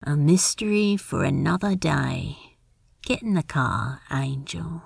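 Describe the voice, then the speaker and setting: A woman voicing a gruff, teasing male friend with a gravelly, husky voice, in a podfic. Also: low voice, sing-song, takes it slowly, a little mellow, no echo, full character voice. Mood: tender teasing. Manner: dry teasing, tender underneath. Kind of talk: podfic character voice.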